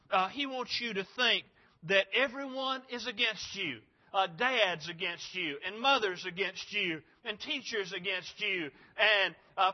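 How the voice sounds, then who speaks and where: A man with a high voice preaches earnestly to young people, asking rhetorical questions and pausing on "uh" fillers. The recording sounds dull and lo-fi.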